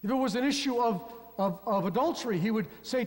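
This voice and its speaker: In a church sanctuary with long reverb, a pastor with a very high voice preaches a sermon at a brisk pace. He tells a story and speaks directly to his congregation.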